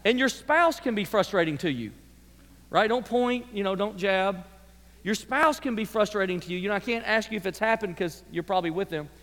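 A middle-aged male pastor delivers a sermon full of comic asides and quick impressions of people. His voice sits very high and light for a man. The sanctuary carries a long reverb behind every phrase. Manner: animated, mimics people, repeats words. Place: church sanctuary. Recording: large hall reverb.

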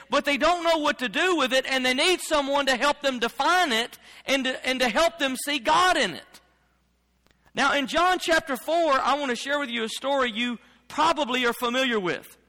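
A man preaching in a church sanctuary, his voice very high and ringing bright. He speaks emphatically, repeating his phrases as he builds each point. The sound carries a long reverb from the hall. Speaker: pastor. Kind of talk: sermon.

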